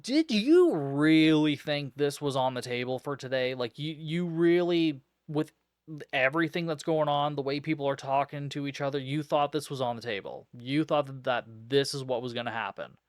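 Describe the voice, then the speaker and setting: A man's voice: a little high, moderate pace, no echo, clean studio sound. Exasperated swearing man recapping a film. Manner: exasperated, sarcastic, swears constantly. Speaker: podcast host reviewing a film. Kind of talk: casual profane movie recap.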